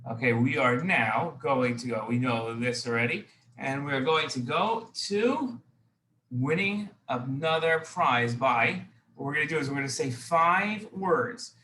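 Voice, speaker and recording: A man hosting a children's show, talking slowly and repeating himself as he addresses the kids directly. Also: mid-range voice, sharp tone, roomy sound, slight background noise.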